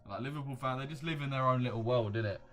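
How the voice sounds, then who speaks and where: Talking rapid-fire in a mid-range, somewhat bright voice, a young man banters bluntly with viewers during a casual livestream. Faint music plays behind him as he reacts to their comments with slang.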